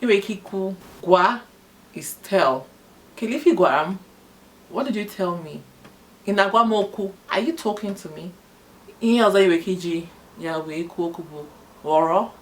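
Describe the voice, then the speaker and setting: A woman giving a spoken language lesson, spelling out letters slowly and explaining example sentences. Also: on the low side. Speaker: language teacher.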